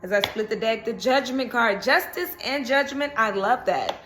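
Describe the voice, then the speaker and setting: A woman's voice: a little high, expressive, moderate pace, fairly bright tone, soft background music. Chatty woman reading tarot cards. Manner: chatty, repeats "okay?" and "you know". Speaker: tarot reader.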